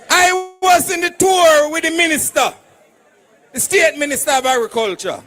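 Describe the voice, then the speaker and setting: Jamaican man, rally speech, shouting, very high voice, forceful and bright. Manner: shouting, fiery, call-and-response to the crowd. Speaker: political candidate and doctor at a party rally.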